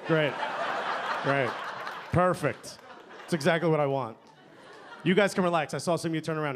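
A young man with a New York accent doing a stand-up set, playful, dropping his voice low and soft for punchlines. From New York area. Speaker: stand-up comedian. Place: comedy club stage with laughing audience. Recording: live club recording with crowd noise.

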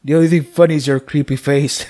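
A young man with a fairly high, mellow voice hosts a let's play, reading the game's text aloud. He adds loose, joking commentary and laughs often.

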